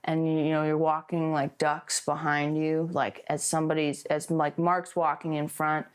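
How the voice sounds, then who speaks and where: A young woman talks in a mockumentary-style interview, rambling and exasperated and leaning on fillers. Her voice sits on the lower side for a woman. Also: little pitch movement, moderate pace, smooth. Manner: chatty, exasperated, lots of fillers.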